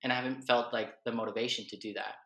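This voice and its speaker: Rambling male podcast host, bright tone. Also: medium pitch, fairly even intonation, fast talker. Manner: rambling, laughs easily. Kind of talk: casual chat. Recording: echoey room.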